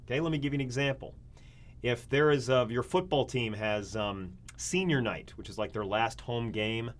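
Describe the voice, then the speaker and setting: A man teaching a college government class, talking casually, asking his students rhetorical questions and acting out little scenes. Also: mid-range voice. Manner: conversational, asks rhetorical questions, acts out scenarios. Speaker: community college government instructor. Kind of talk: recorded classroom lecture.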